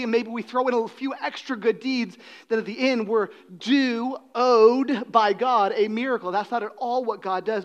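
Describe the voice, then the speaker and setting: A man, preaching a sermon in a high, light voice. He swings between loud, emphatic lines and sudden hushed drops. His delivery is dynamic and direct to the congregation. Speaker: pastor.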